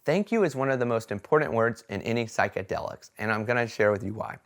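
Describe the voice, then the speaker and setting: A man talks casually to his viewers in a middle-pitched voice. He tells stories in an animated way, sometimes acting out what people said. His pace is relaxed and conversational, and he keeps checking in with his listeners. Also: quick pace. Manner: animated storytelling, acts out quoted voices; conversational fillers like "right?" and "okay?". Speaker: vlogger sharing experiences. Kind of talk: casual talk to camera.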